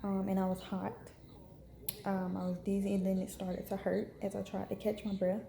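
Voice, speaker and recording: A woman's voice: medium pitch, monotone, normal speed, creaky, warm tone, roomy sound. A young woman vlogger telling a story to camera in a frank, chatty way with many fillers. She is unwell and in pain. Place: hospital room.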